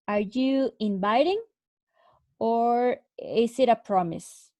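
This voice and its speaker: A woman teaching an English lesson, explaining answers slowly and clearly with repeated examples. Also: fairly high pitch, animated, a little mellow, dry recording. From Mexico. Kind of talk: recorded online English lesson.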